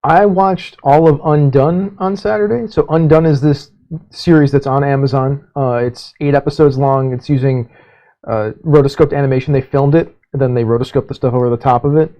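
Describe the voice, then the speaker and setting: A man's voice: medium pitch, fairly even intonation, moderate pace, dark tone. A man hosting a podcast in casual chat, rambling easily with fillers. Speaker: podcast host. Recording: dull lo-fi sound.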